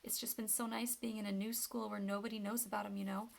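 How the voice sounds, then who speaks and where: A woman's voice: medium pitch, level tone, fast talker, creaky. A woman voicing an upset teenage girl in a storybook reading, defensive and emotional.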